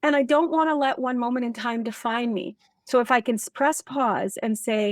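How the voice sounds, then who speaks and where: A woman speaking as a guest expert in a casual interview, animated and emphatic, acting out bits of office dialogue. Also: on the high side, normal speed, hardly any pauses, no echo, studio quality.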